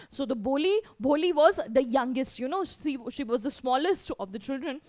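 A woman's voice: high-pitched, animated, normal speed, few pauses, a little mellow, dry recording, studio quality. A woman teacher with an Indian English accent, explaining a story to students and repeating points with many fillers.

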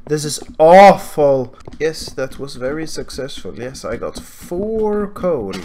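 Jumpy gamer with a lively voice. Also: medium pitch, takes it slowly. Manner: jumpy, exclaiming often. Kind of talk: casual gameplay commentary. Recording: noisy, with mouse clicks.

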